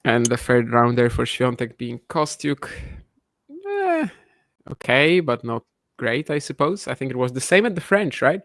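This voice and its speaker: A man's voice: mid-range voice, very animated, unhurried, a bit bright, no room sound. A man co-hosting a casual chat on a call, chatty and opinionated, often laughing. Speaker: co-host.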